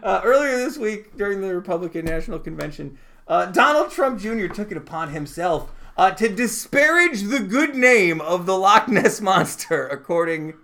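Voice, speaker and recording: A man's voice: high-pitched, normal speed, vocal fry. A man co-hosting a podcast, chatting casually and often laughing as he reads out news stories. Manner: animated, laughs often while reading news. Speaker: podcast co-host. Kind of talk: casual chat.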